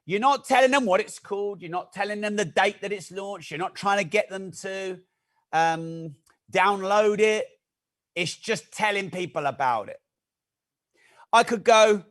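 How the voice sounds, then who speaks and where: A man leads a live online masterclass, his voice pitched high for a man. He talks fast and chatty, breaking off to joke with viewers and call out their names. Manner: energetic, chatty, jokey asides to viewers. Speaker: masterclass host. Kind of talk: live-streamed teaching talk.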